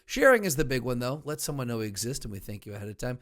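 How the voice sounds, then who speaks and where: A man's voice: medium pitch, big pitch swings, racing, a bit bright. A man in his thirties co-hosting a podcast, laid-back and agreeable in casual chat. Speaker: podcast co-host.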